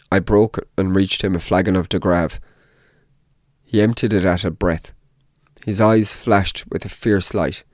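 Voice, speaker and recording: A man narrating a dark tale in the first person, in a measured, deliberate audiobook reading. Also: sits low, steady tone, no echo, studio quality.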